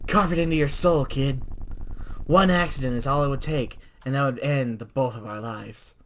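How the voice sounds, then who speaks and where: A man voicing a stern older female sparrow who rides a scooter, talking in a gruff, grave manner during a live-streamed game reading. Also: mid-range voice, moderate pace, lightly acted.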